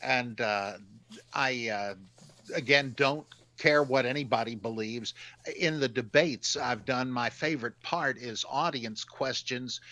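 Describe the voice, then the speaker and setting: Older american guy on a video call, bright forceful voice, dry close sound, lots of uh's. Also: mid-range voice, no echo. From United States. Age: 60s. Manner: relaxed, wry, frequent "uh" fillers. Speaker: guest theologian. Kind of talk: casual livestream interview.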